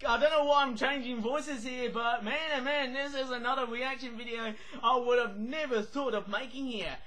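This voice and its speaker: Male channel host, Australian-sounding accent, bright and tense tone, exclaims and laughs a lot. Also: very high voice, moderate pace, poor audio. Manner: excitable, exclaiming, laughing often. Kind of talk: casual reaction commentary.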